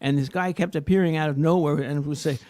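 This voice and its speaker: A man's voice: fairly high pitch, steady tone, quick pace, a little mellow. A middle-aged man telling stories in casual chat, amused and laughing as he goes.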